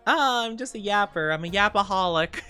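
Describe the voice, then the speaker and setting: A tired woman rambles to her live-stream chat in a casual, giggly way, yawning between thoughts. Her pitch is middling for a woman. Soft music plays quietly behind her. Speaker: VTuber streamer.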